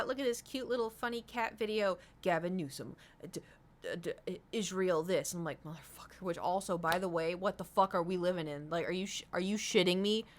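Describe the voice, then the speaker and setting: A young woman streaming from home, chatting casually and rambling to her viewers, swearing now and then. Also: mid-range voice. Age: young adult.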